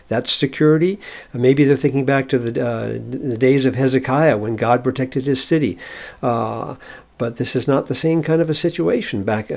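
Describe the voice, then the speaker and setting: Male Bible-language teacher with a gravelly edge, talking through a verse in an unhurried, explanatory way. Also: mid-range voice, dark tone. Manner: explanatory, thinking aloud with fillers. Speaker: Hebrew teacher.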